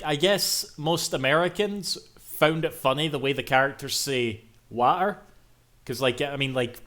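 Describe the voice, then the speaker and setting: Here's a young man from Scotland doing casual live-stream chat over a game. His voice sits at medium pitch with a touch of brightness, and he laughs, swears and wanders off-topic often.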